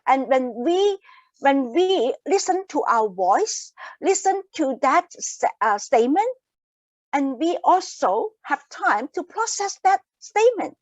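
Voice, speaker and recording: A woman's voice: high voice, sing-song, slow, no echo, low-quality recording. A woman presenting an online wellness workshop, talking earnestly and repeating key phrases for emphasis. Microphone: laptop mic on a video call.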